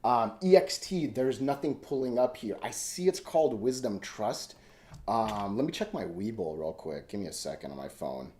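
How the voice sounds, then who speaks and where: A man's voice: on the low side, sing-song, moderate pace, dark tone. A man hosting a casual live stream from home, rambling and thinking aloud as he reads stock charts. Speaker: stock chart analyst host. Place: home room.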